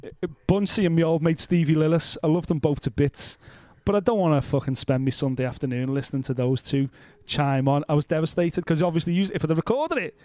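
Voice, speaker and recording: A man's voice: a little high, brisk, few pauses, darkish tone, no room sound. A man co-hosting a podcast, chatting casually and bluntly about boxing with plenty of swearing and jokes. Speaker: podcast co-host.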